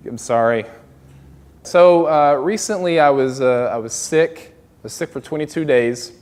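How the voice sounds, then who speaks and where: A man's voice: mid-range voice, expressive, moderate pace, pauses often, darkish tone, big-room sound. A man doing stand-up comedy, telling stories in a loose, rambling way full of fillers and asides.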